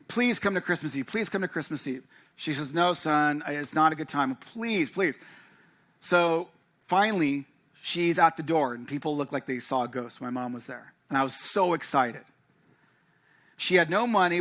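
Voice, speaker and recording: A man's voice: a little high, fairly bright tone. A man preaching a sermon, telling a personal story and acting out family dialogue. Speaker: pastor. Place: church.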